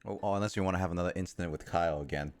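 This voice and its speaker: A man's voice: low voice, racing, clear, resonant tone. A man chatting and teasing his friends playfully while they play a game together, often stumbling over his words. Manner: teasing, playful, stammering restarts. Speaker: streamer playing a game with friends. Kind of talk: casual gaming banter.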